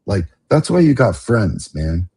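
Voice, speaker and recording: A middle-aged man with a low, husky voice hosts a podcast in a casual style. He rants with passion and swears freely, pushing into loud, emphatic bursts. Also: very animated, a little slow. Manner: passionate, profane, builds to emphatic outbursts. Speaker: podcast host.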